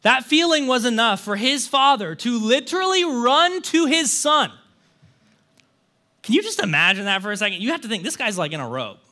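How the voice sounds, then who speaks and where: A male pastor delivering a conversational sermon. His voice is unusually high for a man, bright and forceful, and he tells the story in an animated way, full of rhetorical questions and a casual "like". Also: moderate pace.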